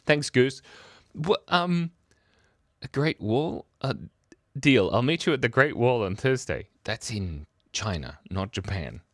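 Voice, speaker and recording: A middle-aged man with an Australian accent chatting casually with viewers of his livestream at home, speaking quietly and laughing often. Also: medium pitch, expressive, slow, dry recording, clean studio sound. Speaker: livestream host. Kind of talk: casual chat reading viewer comments. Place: home, early morning. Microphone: microphone worn near the beard.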